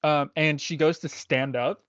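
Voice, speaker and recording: A man's voice: a little high, steady tone, measured pace, a bit bright, smooth, no room sound. A man narrating a tabletop game as game master, in a laid-back, rambling way with many fillers, heard on a dull, lo-fi recording.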